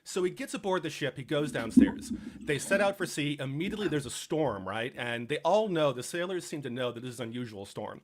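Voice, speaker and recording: A young man casually retelling a Bible story with jokes, dropping into quick voices for the people in it. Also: fairly high pitch. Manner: animated, jokey, acts out characters in quick asides. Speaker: podcast co-host.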